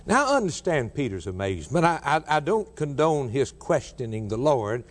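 A man preaching a sermon, telling a story in a folksy way, repeating himself, and climbing high on emphatic quoted lines. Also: very animated, a little fast, hardly any pauses, big-room sound. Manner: folksy, with repeated words and asides.

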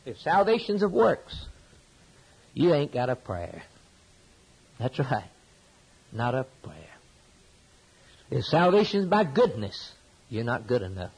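Impassioned husky preacher man. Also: medium pitch, big pitch swings, takes it slowly, long pauses, a little mellow, poor audio. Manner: impassioned, preaching with rising and falling emphasis and repetition. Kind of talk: sermon.

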